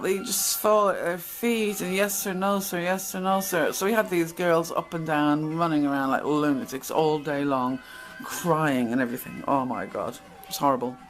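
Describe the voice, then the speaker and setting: A middle-aged woman who hosts a channel tells stories from her past in a casual, blunt monologue. She's chatty and acts out the exchanges she quotes. Her voice sits low, and the recording is rough.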